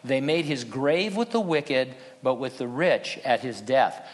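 A man's voice: mid-range voice, measured pace. A man preaching a sermon as pastor, conversational, with sarcastic asides. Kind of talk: expository sermon. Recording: long hall reverb.

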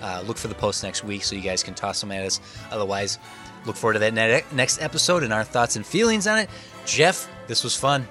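A man co-hosting a casual podcast, speaking in a deliberate, measured way and laughing easily. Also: fairly low pitch, sharp tone, faint music behind. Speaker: podcast co-host.

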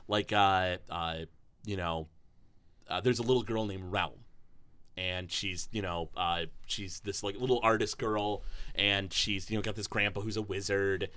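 Guy rambling a story on a podcast, bright edgy voice, a bit low, dry mic. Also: fairly even intonation, clear, resonant tone, no room sound. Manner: storytelling, halting with fillers. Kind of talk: casual chat.

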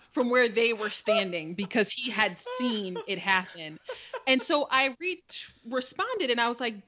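A woman co-hosting a podcast, telling stories in casual chat with lots of swearing and climbing pitch when she gets indignant. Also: fairly bright tone. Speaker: podcast co-host.

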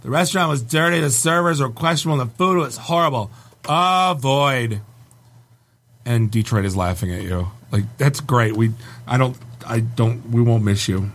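A man from Canada hosting a casual comedy chat, reading online reviews aloud with wry, deadpan asides. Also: mid-range voice, normal speed. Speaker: podcast host.

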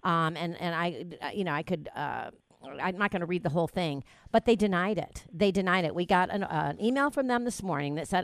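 A woman's voice: lowish voice, brisk, no room sound. A woman hosting a radio talk show, chatty and rambling, with many fillers.

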